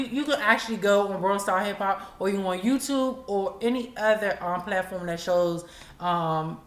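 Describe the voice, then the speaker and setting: A woman host talks in loose, candid commentary, her voice sitting at a middle pitch. The sound bounces around an echoey room. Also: fairly bright tone. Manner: candid, conversational, acts out quotes. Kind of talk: casual commentary.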